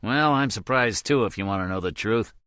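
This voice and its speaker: A man's voice: lowish voice, fairly quick, a bit bright, smooth, dry recording, studio quality, natural voice. A man voicing a sarcastic middle-aged male CIA agent, breezy and joking in an audiobook. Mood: wry, teasing.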